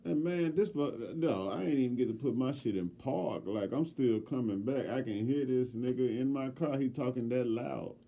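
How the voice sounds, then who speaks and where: A middle-aged man with a dark, mellow voice tells a story on a casual podcast. He swears constantly and gets loud and animated when he replays his own words. His pitch sits in an ordinary middle range. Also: normal speed, vocal fry, few pauses. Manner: heavily profane, animated, loud when quoting himself. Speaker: podcast co-host.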